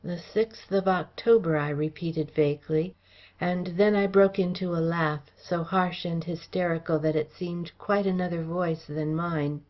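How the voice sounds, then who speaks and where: A woman reading a classic adventure novel aloud as an audiobook, in a steady, formal storytelling manner. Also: fairly low pitch, measured pace, dull audio. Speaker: audiobook reader. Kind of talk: scripted narration of a classic novel.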